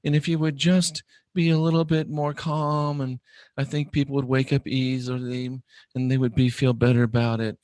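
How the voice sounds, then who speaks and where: Blunt, animated man host. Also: medium pitch, moderate pace, no echo, clean studio sound. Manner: blunt, animated, swings into loud mock shouting. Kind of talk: live online show monologue.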